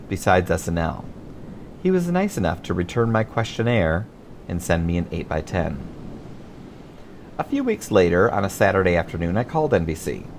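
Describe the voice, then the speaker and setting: A man's voice: low voice, a little hiss or hum. A man reading his own memoir aloud as an audiobook, with wry, self-mocking humor and theatrical emphasis. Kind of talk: audiobook narration.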